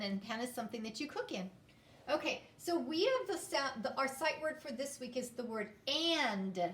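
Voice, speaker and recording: A woman teaching a phonics lesson to young children, sounding words out slowly and inviting them to repeat after her. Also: on the high side, echoey room, distant mic. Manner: slow, drawn-out sounding out of words.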